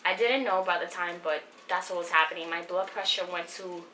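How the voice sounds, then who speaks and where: A woman's voice: on the low side, fairly even intonation, brisk, sharp tone. A young woman telling her personal story in a rambling, emotional vlog, with many fillers and restarts. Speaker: vlogger. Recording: echoey room with faint background noise.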